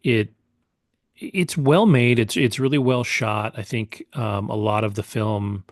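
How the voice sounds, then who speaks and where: A man talks through a film review in loose, casual podcast chat, with plenty of fillers and restarts. His voice sits fairly low. The sound is dry and close, with no room around it. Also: fairly even intonation, unhurried, no echo. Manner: rambling, many fillers and restarts. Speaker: podcast co-host.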